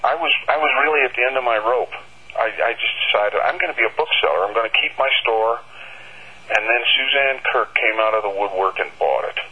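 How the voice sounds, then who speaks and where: A man, an author and bookseller, telling animated anecdotes with frequent laughs and halting restarts. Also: medium pitch, phone-quality sound, a little hiss or hum. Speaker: author guest. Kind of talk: casual storytelling. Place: bookstore owner, Denver.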